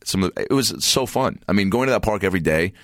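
A man from Seattle, a podcast guest, telling animated stories in casual chat, swearing freely and slipping into high put-on voices. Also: quick pace, no echo, clean studio sound.

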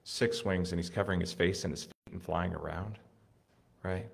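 A man preaching a sermon in an earnest way, building to excited emphasis and then dropping soft. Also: low voice, normal speed, vocal fry.

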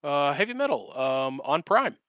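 A man in his late thirties talks in blunt, chatty podcast banter. His voice sits a bit high and sounds bright and forceful, dry and close to the mic. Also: big pitch swings, moderate pace, dry recording. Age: 30s. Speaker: podcast co-host. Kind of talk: casual chat.

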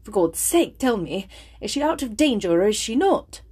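Impassioned young gentleman suitor, read by a woman, urgent and pleading, husky, storybook reading. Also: mid-range voice, measured pace.

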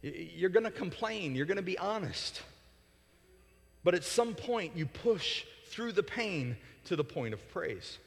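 A man preaching a sermon as pastor, impassioned, rising to loud peaks and falling to soft prayer, often restarting words. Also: sits high, big pitch swings, vocal fry, slightly rough. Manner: repeats words in quick restarts. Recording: long hall reverb.

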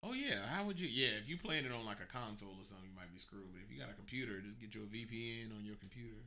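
A man in his late twenties chatting casually on a podcast, swearing freely and jumping into a high pitch when he quotes people. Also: expressive, racing, bright, forceful tone. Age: 20s. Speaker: podcast co-host. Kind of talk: casual chat.

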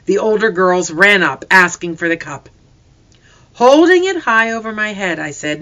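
An expressive audiobook narrator reads a first-person family story. The voice is bright and clear, with lively, wide-ranging pitch. The delivery is steady and scripted. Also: moderate pace. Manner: expressive reading.

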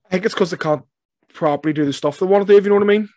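A man's voice: sits high, very fast, darkish tone, no echo. A young man, chatting loosely and laughing as he recalls clips. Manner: laughs a lot, rambling. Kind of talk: casual chat.

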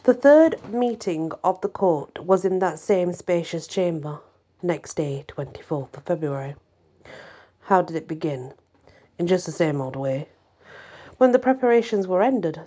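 A woman hosting her own channel, reading a historical novel aloud in a steady storytelling manner. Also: on the low side. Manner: steady storytelling, voices quotes lightly. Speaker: channel host and reader.

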